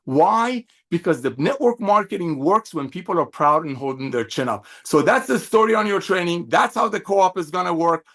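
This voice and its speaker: Effusive high-voiced man on a video call. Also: expressive, moderate pace, few pauses, a bit bright. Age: middle-aged. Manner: effusive, emphatic, preacher-like. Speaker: company executive. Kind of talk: motivational sales pep talk.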